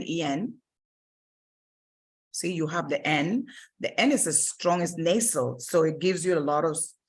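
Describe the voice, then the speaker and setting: A woman teaching Spanish grammar in a recorded lesson, explaining patiently step by step and often stopping to rephrase. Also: deep voice.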